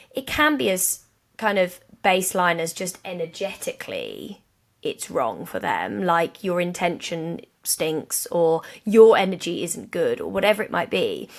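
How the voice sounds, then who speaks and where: A woman co-hosting a casual podcast chat, animated and acting out little quoted voices as she explains. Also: medium pitch, vocal fry. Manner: animated, acts out horse and people voices in quotes. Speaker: podcast co-host.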